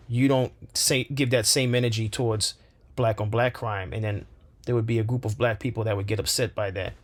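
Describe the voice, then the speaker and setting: Man, commentary host, impassioned, rhetorical questions, repeats himself, mid pitch. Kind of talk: opinion commentary monologue.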